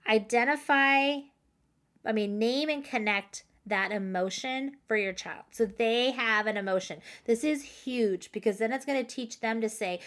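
A woman's voice: a little high, measured pace, a bit bright. Chatty, encouraging middle-aged woman. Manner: chatty and encouraging, laughs often, acts out parent and child lines. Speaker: parenting podcast host. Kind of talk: casual advice talk.

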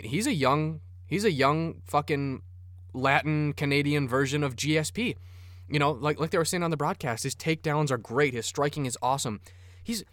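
A man's voice: mid-range voice, fairly bright tone, no echo, studio quality. A man hosting a sports podcast, rambling casually and cursing freely. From Minnesota. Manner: profane, rambling, enthusiastic. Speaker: podcast host.

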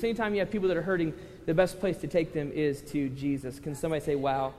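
A man preaching a sermon, his voice sitting high and carrying through a long, reverberant church hall. He talks with the congregation conversationally, then swells into loud, impassioned runs, with a faint hum of ambience underneath. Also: steady tone, fast, few pauses. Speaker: pastor.

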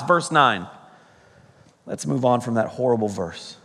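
A man preaching a sermon as pastor, animated, breaking into playful mock exasperation and sudden exclamations. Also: medium pitch, unhurried, long pauses, long reverb tail.

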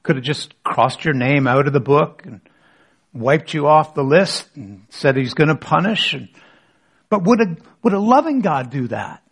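A man's voice: a little high, animated, normal speed, slightly rough. A man preaching a sermon as pastor, asking rhetorical questions and leading the congregation in reading scripture aloud.

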